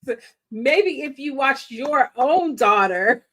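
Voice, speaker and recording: Bright high-voiced woman reacting to a film. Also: lively intonation, slow pace. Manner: playful and exclaiming, using slang, talking to viewers. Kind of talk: casual movie reaction commentary.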